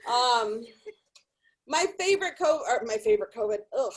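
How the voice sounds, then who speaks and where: A woman's voice: a little high, animated, moderate pace, rough recording. A middle-aged woman from California doing crude, profane stand-up comedy from a hotel room. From Sacramento, California.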